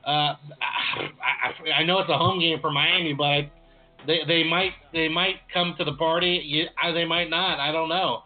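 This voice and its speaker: A man's voice: on the high side, steady tone, moderate pace. Easygoing man on a tinny line. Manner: easygoing, filler-heavy with frequent uh. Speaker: sports podcast co-host. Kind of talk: casual sports chat.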